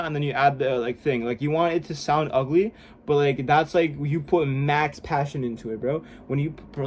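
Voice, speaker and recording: A man's voice: on the high side, steady tone, fairly quick, darkish tone, a little hiss or hum. A young man vlogging casually and self-consciously, rambling with lots of "like" and "bro". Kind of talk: casual self-help vlog. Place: room indoors at home.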